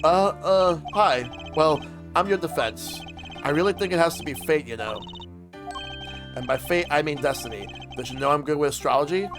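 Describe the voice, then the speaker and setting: Male streamer, slightly high voice, reads game dialogue aloud with voices; faint music behind. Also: normal speed. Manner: voices each character, drops into casual asides.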